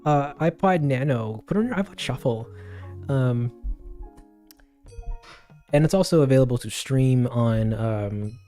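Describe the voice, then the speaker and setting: A man's voice: mid-range voice, expressive, unhurried, pauses often, warm tone, soft background music. A man chatting casually on a livestream to his viewers, rambling, giggling and poking fun at himself as he answers comments. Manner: rambling, giggly, self-deprecating.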